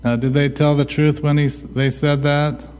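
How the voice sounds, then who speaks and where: A man preaching a sermon, asking rhetorical questions and answering them himself with a slow, deliberate delivery. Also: a little high, little pitch movement, darkish tone, clean tone. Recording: long hall reverb.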